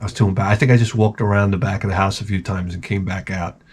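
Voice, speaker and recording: A man vlogging as he opens fan packages, talking in a rambling, excitable way and swearing freely. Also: sits low, racing, breathy edge. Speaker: vlogger opening fan mail. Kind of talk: casual unboxing chat. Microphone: camera mic.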